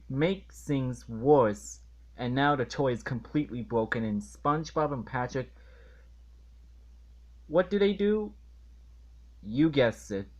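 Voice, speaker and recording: Slow, exasperated man ranting. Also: medium pitch. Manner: exasperated, indignant, halting with restarts. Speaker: video reviewer. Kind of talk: ranting cartoon episode review.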